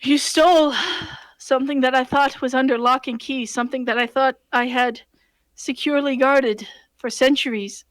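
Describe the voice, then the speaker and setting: A woman's voice: high voice, fairly even intonation, moderate pace, dry recording, natural voice. Woman voicing an ancient elf lord, male, regal, archaic formal speech, tabletop game tale. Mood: solemn.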